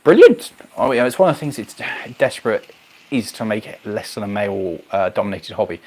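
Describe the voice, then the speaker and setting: A man's voice: lowish voice, fairly quick. Rambling man chatting on a livestream. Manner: rambling, animated, goes off on tangents. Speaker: livestream host. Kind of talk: casual chat reading viewer comments.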